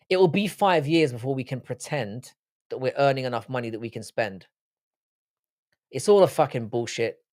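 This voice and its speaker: In studio-quality audio without echo, a young male panel host from the United Kingdom speaks in a mid-range voice. His live-stream banter is casual, blunt and full of swearing.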